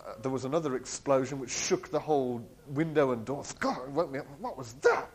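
A man telling a personal story in an animated way. He laughs often and acts out the voices of the people he quotes. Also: mid-range voice, a little fast, slightly rough, low-quality recording. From England. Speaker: speaker sharing a personal testimony. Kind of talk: storytelling talk.

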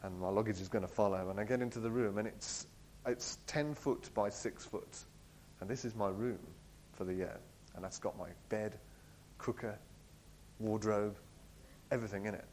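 A man telling a personal story in an animated way. He laughs often and acts out the voices of the people he quotes. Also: lowish voice, normal speed, pauses often, slight background noise, rough recording. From England. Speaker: speaker sharing a personal testimony. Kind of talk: storytelling talk.

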